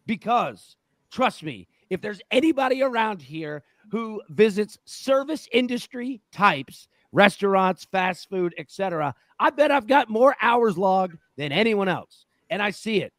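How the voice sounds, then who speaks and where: A high-voiced middle-aged man rants bluntly on a betting show, swearing and hammering the same points again and again. The sound is close and dry, with no room around it. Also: big pitch swings, moderate pace, dry recording. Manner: heated, blunt, swearing rant with repeated phrases. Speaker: sports betting show host. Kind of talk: live sports betting show, ranting chat.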